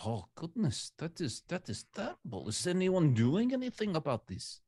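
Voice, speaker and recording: A young man playing a tabletop game in character, his voice leaping all over the place in pitch. He uses stiff, halting, overly formal phrasing, and his voice sits a little higher than most men's. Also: huge pitch swings, a little mellow. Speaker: player.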